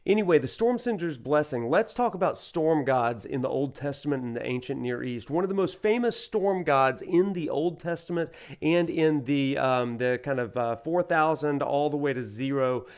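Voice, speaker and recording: A man from Alabama with a Southern US accent, a university professor lecturing while playing a video game, talking in an animated, rambling way with many fillers. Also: a little high, moderate pace, hardly any pauses. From Alabama, USA. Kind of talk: lecture over gameplay.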